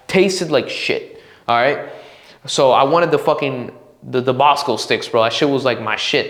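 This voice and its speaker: Twenties dude cussing through a rambling story, mid pitch, echoey room. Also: male voice, fairly bright tone. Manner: profane, rambling, acts out quotes. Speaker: podcast host. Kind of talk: solo storytelling podcast. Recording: roomy echo.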